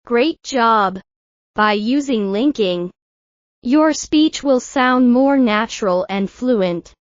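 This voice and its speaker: A woman leads a scripted English pronunciation lesson, pacing every phrase out very slowly so learners can repeat after her. Her voice sits a little high. The sound is dry and close but a bit dull and lo-fi. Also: no room sound. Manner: slow, deliberate delivery of model phrases to repeat.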